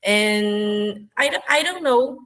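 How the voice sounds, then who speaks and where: A woman's voice: mid-range voice, animated, slow, fairly bright tone. A woman teacher in a video-call discussion, hesitant and restarting often. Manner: hesitant, many restarts and fillers. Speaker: participant teacher. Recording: voice distant from the mic.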